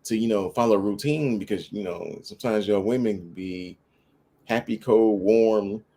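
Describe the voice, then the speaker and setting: A man co-hosting a casual talk show about dating, telling stories in a relaxed way with slang. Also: fairly low pitch, a little slow. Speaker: podcast co-host. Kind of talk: casual chat.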